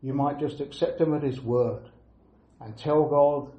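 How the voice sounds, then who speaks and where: A man preaching a sermon, earnest and emphatic, repeating key phrases with pauses between them. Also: a little high, steady tone, warm tone. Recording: echoey room, dull lo-fi sound.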